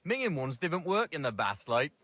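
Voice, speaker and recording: An actor voicing a rough working-class male tavern drinker with a Northern English accent, gruff and blunt, in video game dialogue. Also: fairly high pitch, big pitch swings, moderate pace, fairly bright tone, dry recording. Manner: gruff, blunt, laughing dialect talk.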